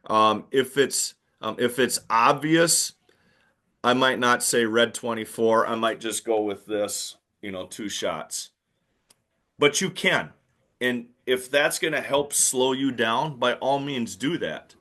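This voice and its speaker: A man's voice: medium pitch, slow pace, sharp tone. A man teaching new basketball officials in a plain-spoken, emphatic way, acting out the calls he makes on court. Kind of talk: instructional talk to new officials.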